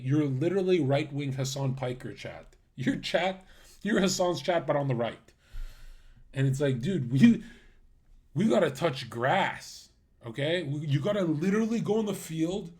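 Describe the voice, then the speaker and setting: A man streaming live, ranting at his chat in a brash, mocking way, swearing and laughing at his own jokes. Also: on the high side. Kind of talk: livestream rant.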